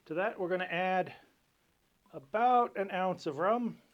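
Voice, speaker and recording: A man's voice: high voice, a little slow, dull audio, slight background noise. A man hosting a cocktail video, explaining drink history and recipes in a dry, lightly joking way. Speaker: cocktail show host. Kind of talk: casual cocktail tutorial.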